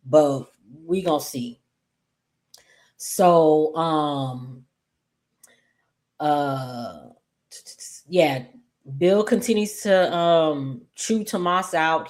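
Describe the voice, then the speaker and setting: Sassy low-voiced woman recapping soaps. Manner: chatty, animated, sassy asides to viewers. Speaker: soap opera recap host. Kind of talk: casual episode recap.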